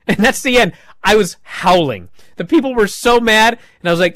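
A man hosting a wrestling talk show, recapping matches in casual chat with animated, mocking outbursts. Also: high voice, moderate pace, few pauses, no room sound, studio quality. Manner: animated, mocking, jumps to shouting. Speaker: wrestling podcast host.

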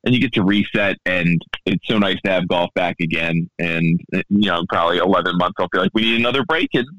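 A man from the Baltimore area chatting casually on a podcast, relaxed and full of fillers and restarts. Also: sits low, brisk, no room sound, highs cut off. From Baltimore area, USA. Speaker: golf podcaster and radio station founder.

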